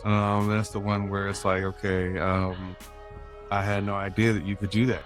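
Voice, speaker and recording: A man hosting an interview show, talking in a laid-back, halting way with plenty of "um" and "you know". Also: on the low side, flat delivery, faint music behind. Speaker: show host. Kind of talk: casual interview chat.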